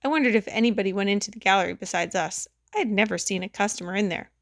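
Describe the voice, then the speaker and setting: A woman reading aloud, narrating a children's story in the first person in a lively way. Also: medium pitch, racing, creaky, no echo, clean studio sound. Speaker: audiobook reader.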